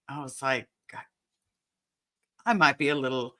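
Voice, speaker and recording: Bright, earnest woman host. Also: extremely low pitch. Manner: supportive, earnest, halting. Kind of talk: casual podcast chat.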